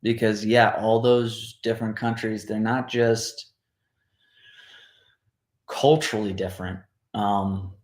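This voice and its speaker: Slow, hesitant low-voiced man. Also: fairly even intonation, darkish tone, roomy sound. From Jordan. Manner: hesitant, lots of ums and pauses. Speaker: podcast guest, veteran and singer. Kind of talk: casual interview talk.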